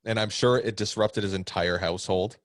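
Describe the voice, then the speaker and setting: A man tells a story in a rambling way, laughing often and swearing freely. His voice sits a little low. The sound is dry and close to the mic. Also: fairly even intonation, a little fast, dry recording. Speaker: podcast co-host, pro wrestler. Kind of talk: casual chat.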